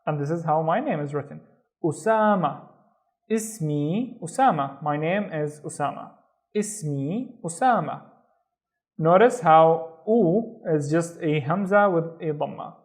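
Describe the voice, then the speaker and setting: A man teaching a beginners' reading lesson, patient, slowly repeating each syllable. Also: on the high side, expressive. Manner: patient, slow repetition of syllables. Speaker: Arabic teacher.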